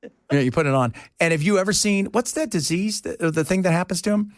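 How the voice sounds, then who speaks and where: A man's voice: high-pitched, quick pace, dry recording, studio quality. A man hosting a talk radio show, bantering casually and breaking into silly voices as he tells stories. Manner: animated storyteller, slips into silly voices and laughs.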